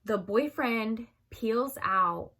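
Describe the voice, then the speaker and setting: Young woman, high bright voice, chatty storytime vlogger who shouts out quoted lines. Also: extremely slow. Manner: chatty, addresses viewers as "you guys", acts out quotes loudly. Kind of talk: casual storytime vlog.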